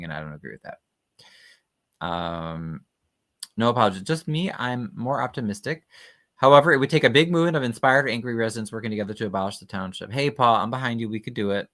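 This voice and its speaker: A man's voice: on the low side, fairly bright tone. A man hosting a casual livestream, commenting skeptically and chattily on documents he reads aloud, with frequent fillers. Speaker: livestream host.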